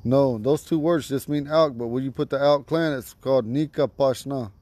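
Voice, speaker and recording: A man teaching vocabulary to a class outdoors at home, patiently repeating each word slowly. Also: mid-range voice, a little mellow. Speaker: language teacher.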